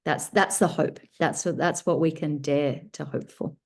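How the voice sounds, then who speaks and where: A woman's voice: low-pitched, fairly even intonation, normal speed, creaky, husky. A woman speaking as guest author in a workshop, answering questions thoughtfully with many restarts over a video call. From Australia.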